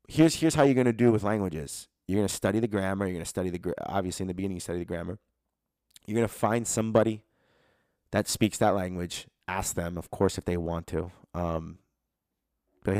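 A young man with a fairly low voice hosts a solo podcast. He swears freely and gives a blunt, motivational pep talk in a casual tone. The sound is dry and close, with little room reflection. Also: a little mellow, no echo. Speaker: podcast host.

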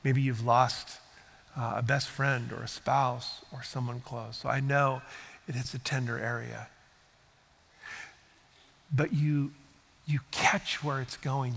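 A man's voice: mid-range voice, vocal fry, a bit bright, slightly rough, in a large hall. An older man preaching a sermon as a pastor, speaking conversationally and earnestly, sometimes acting out what people say. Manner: conversational, earnest, acts out quotes. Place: church sanctuary.

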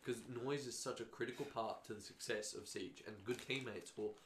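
A man's voice: medium pitch, normal speed. A man hosting a casual gaming podcast, rambling, joking and swearing freely. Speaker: podcast host. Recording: roomy sound with faint noise.

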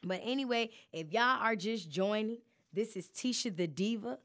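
A woman's voice: mid-range voice, moderate pace, fairly bright tone, no echo, clean studio sound. A woman hosting her podcast in a chatty, preachy way, talking straight to her listeners. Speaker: podcast host. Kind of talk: casual chat.

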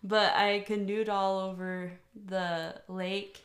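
A woman's voice: mid-range voice, little pitch movement, slow pace. A woman co-hosting a podcast in casual chat, chatty and giggly, rambling through stories.

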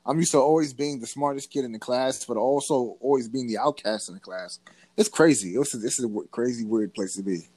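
A podcast co-host tells a story with lots of energy in casual conversation, often stopping and restarting his sentences. His voice is mid-range for a man and fairly quick. The recording is close and dry, with no room sound at all.

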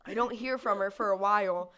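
A young woman in her twenties chatting casually on a podcast. She is excitable and blunt, and she laughs loudly. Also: medium pitch, a little fast. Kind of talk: casual chat.

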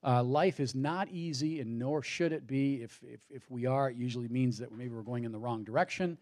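Preaching at a moderate pace, a pastor with a medium-pitched, darkish voice poses rhetorical questions and lets each point build with mounting emphasis. Now and then he's out of breath.

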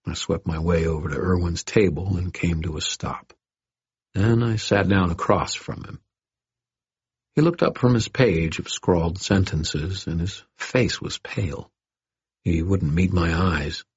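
Deep husky male audiobook narrator. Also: measured pace, dry recording, lo-fi sound. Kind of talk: first-person audiobook narration.

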